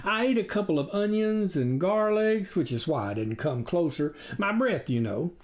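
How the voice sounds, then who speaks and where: A man's voice: high-pitched, animated, normal speed, voice pushed up. A man voicing a hairy male wolf who poses as a duck, overly polite and fumbling for excuses. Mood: fawning.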